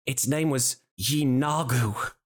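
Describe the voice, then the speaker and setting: A man voicing a small, gentle, elephant-like female creature who talks in nervous, halting restarts. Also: mid-range voice, natural voice. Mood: anxious.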